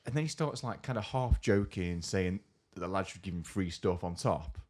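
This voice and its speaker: A young man co-hosting a casual podcast chat, telling an animated story and acting out other people's lines. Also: sits low, moderate pace. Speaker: podcast co-host.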